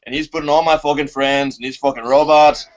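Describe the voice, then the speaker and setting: A man voicing a foul-mouthed, cocky young male cartoon hedgehog hero in a high, strained cartoonish voice, speaking over a muffled video call. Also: fairly even intonation, fast, lightly acted.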